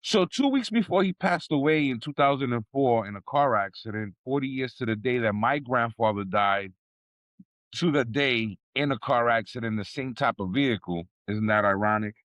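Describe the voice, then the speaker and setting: A man's voice: medium pitch, lively intonation, moderate pace, fairly bright tone, no room sound. A man from Puerto Rico, a podcast guest telling stories in a laid-back, profane way and laughing often. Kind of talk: casual storytelling interview.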